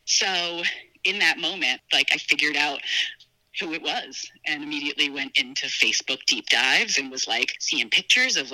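Bright animated woman from New Jersey. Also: normal speed, rough recording. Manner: animated, acts out quoted dialogue with big pitch jumps. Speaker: podcast guest. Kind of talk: casual personal storytelling.

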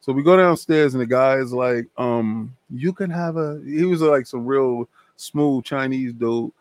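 A man, a guest telling a long story in a casual interview, animated and acting out other people's lines. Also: medium pitch, unhurried, dry recording. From New York.

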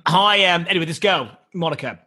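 A man's voice: a little high, normal speed, sharp tone, slightly rough. A man, telling a rambling story as a podcast guest, laughing and swearing often. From United Kingdom. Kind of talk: casual storytelling.

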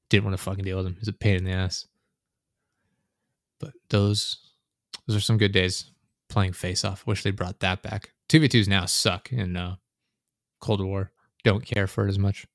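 A man's voice: low voice, vocal fry, no room sound, studio quality. A young man hosting a casual gaming podcast, rambling and swearing often, with frequent laughter. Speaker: podcast host.

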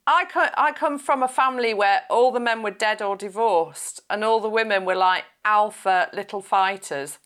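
A woman's voice: mid-range voice, normal speed, hardly any pauses, a bit bright. A woman in her forties, a guest in a podcast interview, talking frankly and chattily and breaking into laughs mid-sentence.

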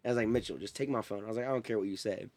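A man's voice: fairly low pitch, very fast, dry recording. Laughing young man telling a story. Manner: animated storytelling, laughing often. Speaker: podcast host. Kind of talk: casual chat.

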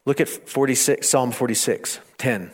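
A man preaching a sermon, stammering and repeating phrases, rising toward near shouting at times. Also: medium pitch, moderate pace. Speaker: pastor.

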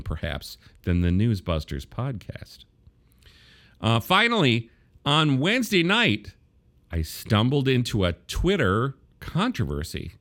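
A man hosting a podcast, delivering a political commentary monologue with wry, sarcastic asides. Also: lowish voice. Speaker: podcast host.

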